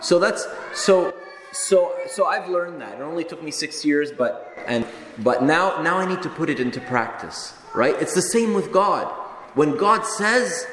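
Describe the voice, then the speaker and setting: Conversational preacher in an echoey church. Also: male voice, a little high, expressive, a little slow, fairly bright tone, slight background noise. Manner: conversational preaching with asides and restarts. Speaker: married priest. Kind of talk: sermon. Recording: echoey church hall, faint ambience.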